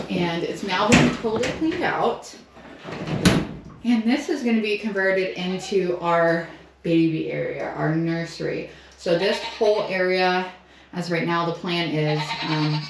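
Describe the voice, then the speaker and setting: A woman's voice: on the low side, vocal fry. A woman vlogging casually from her farm, cooing and baby-talking to her goats as she walks around. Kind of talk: casual farm vlog chat. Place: outdoors and in a barn with goats. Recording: noisy barnyard recording with goat bleats.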